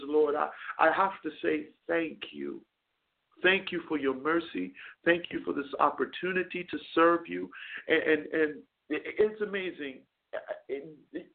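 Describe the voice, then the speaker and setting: A man's voice: fairly high pitch, gravelly. Impassioned preaching man on a phone line. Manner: impassioned preaching, stammering repeats, acted prayers to the Lord. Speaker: radio talk show host and chaplain. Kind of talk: radio sermon.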